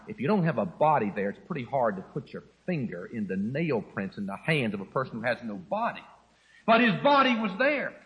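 A man's voice: mid-range voice, a bit bright, rough recording. A middle-aged man preaching a sermon, teaching through a Bible passage and acting out the quoted speech.

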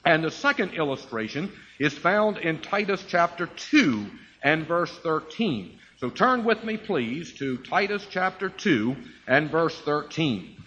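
A man preaching an expository Bible sermon, slowing to stress key phrases and answering his own rhetorical questions. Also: fairly high pitch, very animated, a bit bright, muffled recording, a little hiss or hum.

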